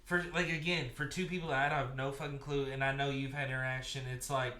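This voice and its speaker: A man's voice: medium pitch, little pitch movement, fast talker, sharp tone, reverberant. A man hosting a podcast, chatting casually and enthusiastically and swearing freely. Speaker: podcast host.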